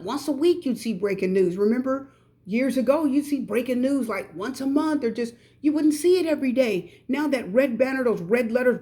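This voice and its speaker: A woman's voice: fairly high pitch, darkish tone. A middle-aged woman from the United States giving a pick-a-card tarot reading, chatty and emphatic, repeating her advice straight to viewers. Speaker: tarot reader.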